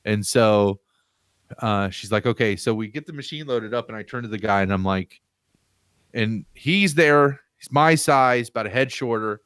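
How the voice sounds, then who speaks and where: A man in casual chat, telling an animated, rambling story from his home on a video call. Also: lowish voice, normal speed, clear, resonant tone, dry recording, studio quality. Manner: animated, rambling, laughs while telling stories. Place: home room with pinball machines.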